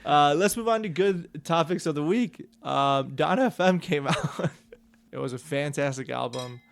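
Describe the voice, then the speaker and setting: A man's voice: on the high side, measured pace, vocal fry. A young man co-hosting a podcast, easygoing and agreeable, steering the casual chat. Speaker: podcast co-host.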